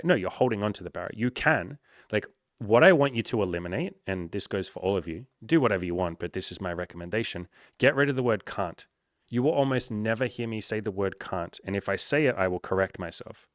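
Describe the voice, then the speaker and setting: Man coaching with blunt hype, low voice, heavy swearing, dry close mic. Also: dry recording. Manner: swears often, loud bursts of hype, calls listener bro. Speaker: dating coach. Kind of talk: blunt motivational advice to a viewer. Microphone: home microphone.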